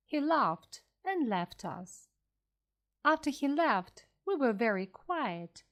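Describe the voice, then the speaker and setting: A woman reading a classic story aloud slowly and clearly for English learners. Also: fairly high pitch. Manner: slow, clear, expressive reading. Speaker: audiobook reader for learners.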